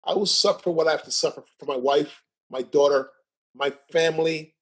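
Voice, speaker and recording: A man's voice: a little high, steady tone, moderate pace, a bit bright, husky. A man telling stories as a guest in a casual chat, who laughs often, keeps asking "right?" and stutters at times. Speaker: podcast guest.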